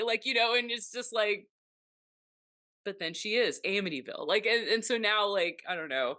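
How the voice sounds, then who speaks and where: Woman podcast host, thirties, bright tone, chatty and loose. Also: mid-range voice, normal speed. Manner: chatty, full of "like" and quoted asides. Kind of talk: casual chat.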